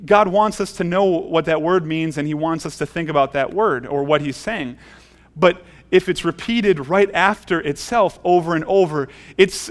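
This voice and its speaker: A middle-aged male pastor preaching a sermon in a church, earnest, often repeating words as he restarts his phrases. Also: on the high side. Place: church sanctuary.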